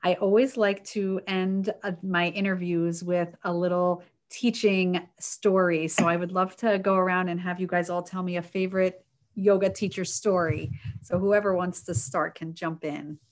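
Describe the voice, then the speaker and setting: A woman hosting an interview, enthusiastic and quick to praise her guests. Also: fairly low pitch, little pitch movement. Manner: enthusiastic, warm praise, laughs often. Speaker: interview host.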